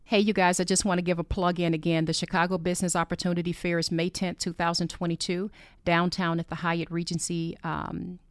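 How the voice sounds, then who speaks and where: A woman's voice: on the low side, level tone, brisk, dry recording, studio quality. A middle-aged woman hosting a faith podcast, talking in a heartfelt, rambling way and repeating herself often. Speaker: podcast host.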